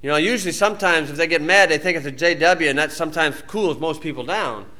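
A man's voice: fairly high pitch, quick pace, pushed and bright. A Baptist preacher man from the United States giving an informal sermon-style talk in a folksy, plain-spoken way with colloquial grammar.

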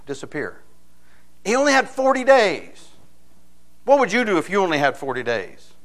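Folksy preacher man, higher-pitched voice. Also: huge pitch swings, moderate pace, a bit bright. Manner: folksy and storytelling, with frequent rhetorical questions. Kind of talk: sermon.

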